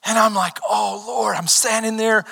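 A man delivers a lively sermon in a very high, piercing voice, weaving personal stories into shouted calls to worship. His voice rings out with a long reverb, as if filling a large church sanctuary. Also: normal speed, gravelly, husky. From Texas. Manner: animated storytelling, rising to shouted exhortation. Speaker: pastor.

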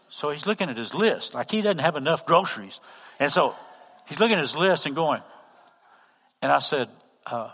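A man with a Texan accent, a pastor telling a story in a sermon, acting out the dialogue and swinging from loud to hushed. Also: fairly high pitch, animated, a little fast, slightly rough, in a large hall. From Texas. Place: church hall.

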